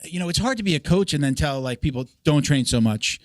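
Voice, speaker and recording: A man in his forties, a podcast host and coach, talking in a relaxed, rambling and self-deprecating way. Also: fairly high pitch, fast, no echo, studio quality. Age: 40s. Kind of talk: casual podcast conversation.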